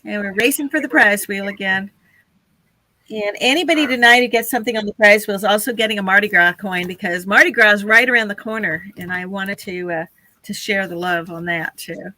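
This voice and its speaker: A woman's voice: mid-range voice, brisk, sharp tone, dry recording, low-quality recording. A woman hosting a casual live stream, chatty and laughing often as she talks to her viewers.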